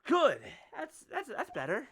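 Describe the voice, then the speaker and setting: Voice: high voice, wildly swooping pitch, a bit bright, a little hiss or hum, full character voice. A performer voicing an earnest, easily flustered young male defense attorney in a fan voice-over of a game. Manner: earnest, flustered, quick to protest.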